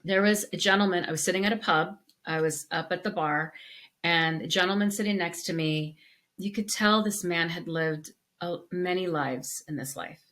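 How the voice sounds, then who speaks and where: A woman co-hosts a relaxed podcast conversation in a somewhat low voice. She tells stories with animation, often restarting her sentences as she goes. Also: normal speed. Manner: animated storyteller with many restarts. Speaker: podcast co-host. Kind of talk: casual conversation.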